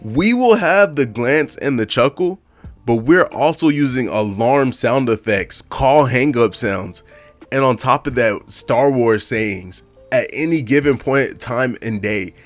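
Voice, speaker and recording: A man's voice: medium pitch, no echo. Young male storytime narrator, mid-range voice, exaggerated comic delivery, faint music bed. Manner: animated, exaggerated, slangy storytelling with mouth sound effects. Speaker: storytime YouTuber.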